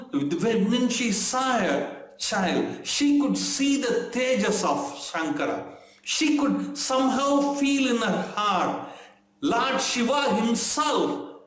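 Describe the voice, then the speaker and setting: A man telling a devotional story, earnest and emotional, pausing and restarting his sentences. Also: high voice. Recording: roomy echo.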